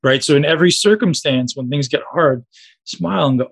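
A man's voice: on the high side, a little fast, vocal fry, breathy edge. A man coaching a group on a call, talking casually and directly to his listeners.

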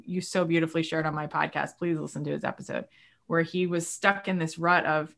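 A woman talking as a guest on a podcast, animated and emotional, acting out quoted voices as she speaks. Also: on the low side, a little fast, gravelly. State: moved to tears at times. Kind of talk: casual podcast conversation.

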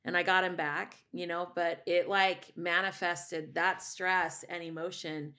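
A woman's voice: fairly low pitch, level tone, unhurried, sharp tone. A middle-aged woman, a voice teacher and singer, telling a personal story candidly in a rambling way with many restarts.

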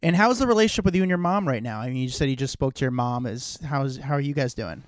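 A man's voice: mid-range voice, expressive, fast. A man co-hosting a podcast, asking friendly, supportive interview questions. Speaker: podcast co-host.

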